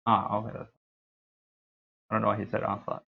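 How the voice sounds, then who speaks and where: Deep gravelly man, tinny stream audio. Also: completely flat delivery, brisk. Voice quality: deep, dark voice. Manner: laid-back, rambling, thinking aloud. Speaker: game streamer. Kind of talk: casual gameplay commentary.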